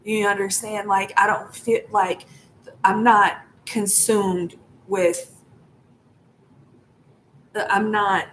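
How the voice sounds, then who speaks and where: A woman's voice: medium pitch, flat delivery, extremely slow, long pauses, fairly bright tone, slight background noise, low-quality recording. A woman talking frankly to her viewers in a casual monologue, cursing often and using lots of fillers like "like" and "right?". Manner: frank and profane, with frequent fillers and laughs. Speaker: spiritual vlogger.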